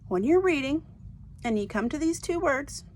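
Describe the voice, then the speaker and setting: A woman teacher explaining word stress in a slow, deliberate way, stressing each syllable. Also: high-pitched, expressive, a little mellow, slight background noise. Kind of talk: recorded lesson on homographs.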